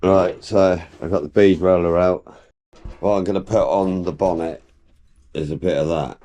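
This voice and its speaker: A man's voice: deep voice, steady tone, moderate pace, dark tone, dull audio. A man chatting casually as he works in his workshop, explaining each step with the odd joke. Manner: chatty, jokey, explains while working. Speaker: car builder vlogger. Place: home workshop.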